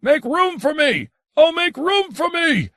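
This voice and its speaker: A man voicing an impassioned male figure, caught in ecstatic transport, who booms and cries out. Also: very animated, measured pace, sharp tone, no room sound, studio quality, heavily acted. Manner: booming, crying out.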